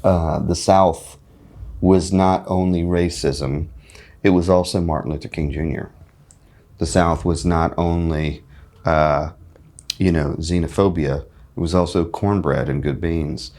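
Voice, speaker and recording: Low-voiced, reflective man from North Carolina. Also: fairly even intonation, a little mellow. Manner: reflective and articulate, with frequent pauses and fillers. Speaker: musician being interviewed. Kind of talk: backstage interview. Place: festival backstage.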